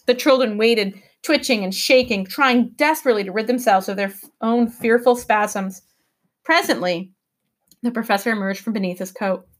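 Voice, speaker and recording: Expressive woman teacher reading aloud. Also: a little high, moderate pace. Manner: expressive storytelling delivery.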